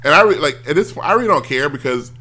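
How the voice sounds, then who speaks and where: Exasperated guy with a bright tone, rambling sarcastic storyteller. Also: fairly high pitch, lively intonation, quick pace, slightly rough. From United States. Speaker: office worker telling a story. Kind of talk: casual ranting monologue.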